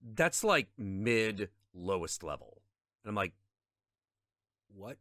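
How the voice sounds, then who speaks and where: Man ranting with swings of pitch. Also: big pitch swings, takes it slowly, a bit bright, no room sound, clean studio sound. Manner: frustrated profane ranting; trails off into mutters and repetitions. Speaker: streamer. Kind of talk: casual gaming stream chat.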